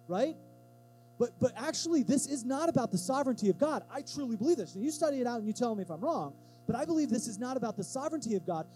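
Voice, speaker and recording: A man preaching a sermon as pastor of a church, talking to the congregation in a relaxed, emphatic way and acting out quotes in lively voices. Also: very high voice, low-quality recording.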